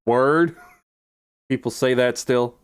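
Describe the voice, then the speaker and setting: A man's voice: medium pitch, slow, smooth. A young man commenting on a racing game, sarcastic and rambling, laughing often. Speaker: gaming YouTuber.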